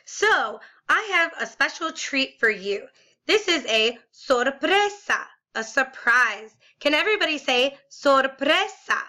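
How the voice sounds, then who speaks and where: A woman teaching a video lesson, saying words slowly and with exaggerated, sing-song emphasis for her class to repeat, and praising often. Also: sits high, sharp tone. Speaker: Spanish teacher.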